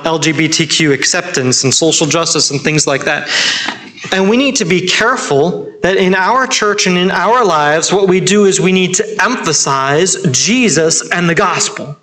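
Guy preaching in church, kinda high voice, earnest, hammers his points home. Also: sharp tone, low-quality recording. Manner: earnest, emphatic, repeats key points. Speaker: pastor. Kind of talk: sermon. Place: church sanctuary.

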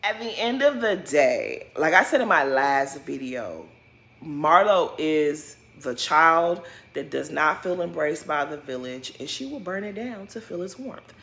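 A woman's voice: low voice, animated, measured pace, fairly bright tone. A woman giving blunt, opinionated commentary in a casual reality-TV recap vlog, swearing freely and speaking straight to the people she's discussing. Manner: emphatic and repetitive, addresses cast directly.

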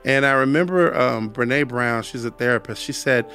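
A man's voice: medium pitch, normal speed, bright, forceful tone, faint music behind. Earnest man telling his testimony. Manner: earnest, repeats phrases for emphasis; preacherly, quotes scripture. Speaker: podcast guest. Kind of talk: personal testimony storytelling.

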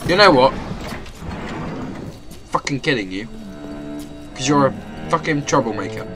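Swearing gamer over game music. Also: male voice, mid-range voice, animated, a little slow. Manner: swearing, frustrated, taunting. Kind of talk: let's play commentary. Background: game music and sounds.

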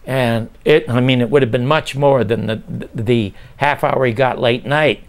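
A man's voice: medium pitch, steady tone, moderate pace. An older man in a casual interview, telling stories about his past and animatedly acting out old conversations. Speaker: interview guest recounting his TV career.

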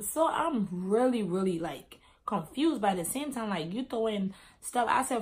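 A woman's voice: medium pitch, moderate pace, hardly any pauses. A young adult woman vlogger telling a personal story in a casual way, acting out the dialogue as she goes. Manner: animated, acts out quoted dialogue.

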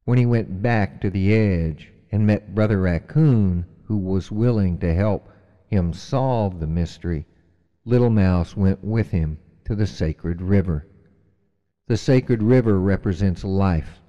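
A man narrates an animal tale slowly, in a deep and measured voice. His tone is mellow and reflective. A long hall reverb lingers behind him. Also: muffled recording. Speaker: storyteller. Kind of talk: storytelling narration.

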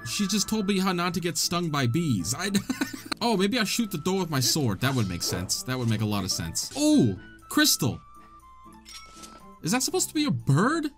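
A man's voice: a little high, wildly swooping pitch, normal speed, a bit bright, faint music behind. A man giving jokey let's-play commentary, wisecracking and laughing often as he plays. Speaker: gaming channel host.

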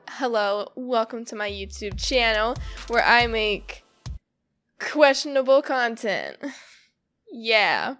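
Bubbly high-voiced woman YouTuber. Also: fairly bright tone. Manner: bubbly and gushing, with giggles and restarts. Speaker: YouTuber host. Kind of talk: casual vlog chat reacting to a webcomic.

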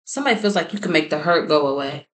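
Low-voiced woman giving a tarot reading. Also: animated, quick pace, a bit bright. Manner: chatty, laughs often, prays aloud. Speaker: tarot reader. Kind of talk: casual tarot reading to camera.

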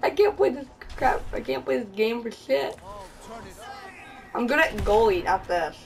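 A woman's voice: a little high, lively intonation, unhurried, vocal fry, distant mic, low-quality recording. A young woman giving casual gameplay commentary, laughing often and swearing at her own plays. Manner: giggly, laughs often, swears while playing. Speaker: gaming channel host.

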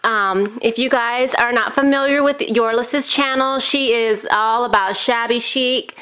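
A woman in her thirties talks casually as she unboxes a crafting package for her video. Her voice sits on the high side, and she gushes with delight and lets out gasps. She speaks slowly and takes her time. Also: fairly bright tone, clean tone. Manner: gushing, enthusiastic, frequent gasps. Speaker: crafting YouTuber.

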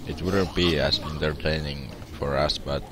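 A man giving excitable gameplay commentary and shouting at the game as he plays. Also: very deep voice, normal speed, background noise. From Finland. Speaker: gamer. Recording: game sounds loud behind voice.

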